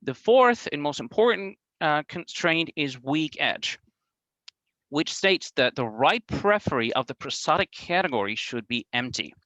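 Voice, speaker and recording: A man giving a conference talk on linguistics, careful and measured, with frequent ums, uhs and restarts. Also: a little high, sing-song, pushed and bright, no echo, low-quality recording. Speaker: academic presenter.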